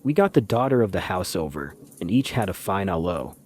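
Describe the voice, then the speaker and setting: A man narrating a novel as an audiobook, in measured, dry first-person storytelling. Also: low-pitched, big pitch swings, a little mellow. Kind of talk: scripted literary narration.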